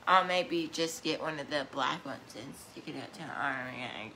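A woman's voice: low-pitched, measured pace, noisy background. A woman, chatting eagerly on a live stream and jumping in over others. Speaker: host. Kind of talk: casual chat on a live stream.

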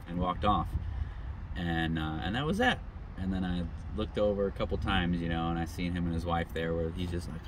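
A middle-aged man, a travel vlogger, casually telling a faith story in an animated, rambling way with many fillers. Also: sits low, brisk, background noise.

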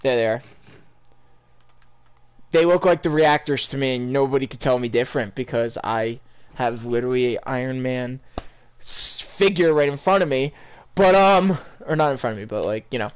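A man's voice: medium pitch, normal speed, smooth. A young man chatting casually over his gameplay, rambling and talking straight to his viewers. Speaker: gaming YouTuber.

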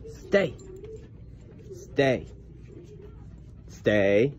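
A man's voice: mid-range voice, expressive, slow pace, pauses often, noisy background. A man filming a casual vlog inside a discount store, coaxing and praising his puppy with repeated commands. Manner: coaxing dog-directed talk, repeated commands. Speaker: vlogger training his puppy.

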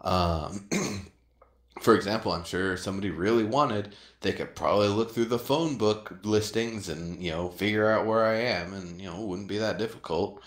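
Bright, low-voiced male co-host. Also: normal speed. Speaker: podcast co-host. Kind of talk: casual podcast chat. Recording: roomy echo.

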